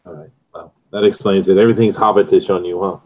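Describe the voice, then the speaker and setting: A man talks as a stream guest in a somewhat low voice. He is relaxed and wry, and makes dry jokes in casual chat. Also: fast, poor audio.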